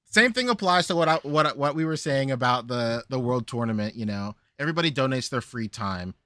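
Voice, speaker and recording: A man's voice: mid-range voice, expressive, fairly quick, pushed and bright, dry recording, studio quality. A man hosting a casual podcast, telling stories with frequent laughter and repeated phrases. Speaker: podcast host.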